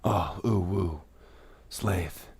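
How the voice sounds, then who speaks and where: A lovestruck admirer sighs out every word, hushed and breathy, as a man puts the voice on. The voice sits a little low and stretches its words out in a dreamy gush. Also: extremely slow, heavily acted. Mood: swooning. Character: swooning, breathless admirer gushing softly.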